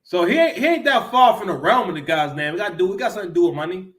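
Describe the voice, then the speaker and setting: A man's voice: high-pitched, expressive, rapid-fire, a bit bright. A man vlogging a casual reaction to a clip, joking and rambling with lots of stammered restarts.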